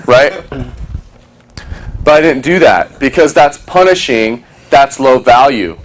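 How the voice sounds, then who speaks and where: A man's voice: mid-range voice, expressive, takes it slowly, long pauses. A man talking casually to a small group, telling a story and acting out other people's voices, swearing freely.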